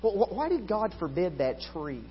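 High-voiced preacher in an echoing hall. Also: male voice, sing-song, normal speed, a little hiss or hum. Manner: swings between loud pleading and quiet asides. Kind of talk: sermon. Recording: hall reverb, dull lo-fi sound.

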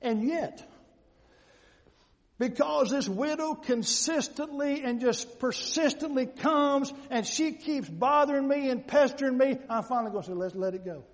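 Middle-aged male preacher with a very high voice, emphatic and repetitive, delivering a sermon in a big hall with a long echo. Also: unhurried. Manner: emphatic, repetitive, swings from loud to hushed. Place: large hall with an audience.

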